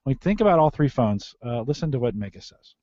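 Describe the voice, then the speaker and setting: A man's voice: mid-range voice, big pitch swings, fast talker, a little mellow, no echo, lo-fi sound. A man hosting a casual tech podcast, chatty and often correcting himself mid-sentence. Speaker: podcast host.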